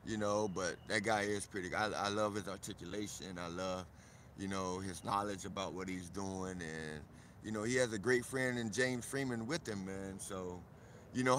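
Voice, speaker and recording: A man from South Florida chatting casually on a live stream outdoors in a park, animated and greeting viewers by name. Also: on the low side, slight background noise.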